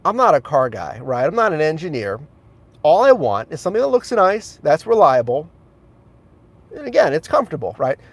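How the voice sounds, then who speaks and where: A man's voice: on the high side, sing-song, moderate pace, no echo. A man streaming live from his car, enthusiastically showing viewers around the vehicle and chatting with them as he films on a handheld phone. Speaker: rideshare driver and streamer. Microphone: handheld phone camera.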